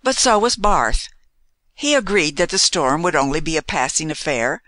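A frank, cheerful young woman, as a man reads her lines, her raised voice swinging up and down with lively energy. She speaks brightly and openly in a storybook, recorded close and dry. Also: a little high, normal speed, no room sound.

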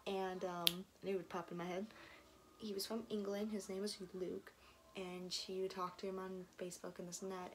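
A young woman tells a story in a loose, rambling way, piling up fillers and restarting her sentences. Her voice sits in the middle of the range, and now and then she drops into a whisper. A faint noise hums under the recording. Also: mid-range voice. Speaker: vlogger. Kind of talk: casual storytime.

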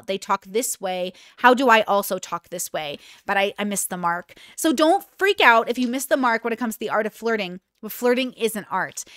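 A woman's voice: fairly high pitch, a bit bright, dry recording, clean studio sound. Chatty, candid woman host. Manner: candid, chatty, self-deprecating. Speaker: podcast host. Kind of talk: casual podcast talk.

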